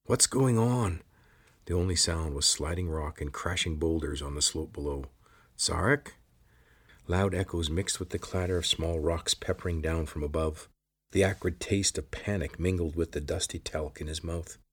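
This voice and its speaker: A man narrating an adventure story in a steady, measured reading. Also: a bass voice, slightly rough. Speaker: audiobook narrator. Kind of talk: scripted narration.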